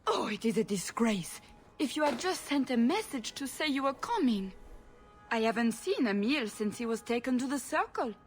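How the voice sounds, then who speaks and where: High, swooping French countess, theatrical and evasive, game voice. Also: female voice, very animated, normal speed, faint music behind. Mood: flustered. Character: fussy aristocratic countess, middle-aged woman, flustered. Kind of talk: video game voice acting.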